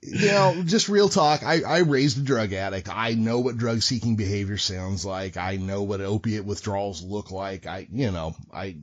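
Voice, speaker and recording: A man's voice: fairly low pitch, moderate pace, few pauses. A man hosting a podcast, telling a story in a casual, profane, wry way. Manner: profane, wry, animated retelling. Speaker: podcast host. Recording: muffled lo-fi audio.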